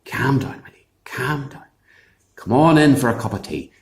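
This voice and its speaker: A man voicing a crafty wife, hushed and soothing. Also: medium pitch, sing-song, fast, close to an everyday voice. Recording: echoey room.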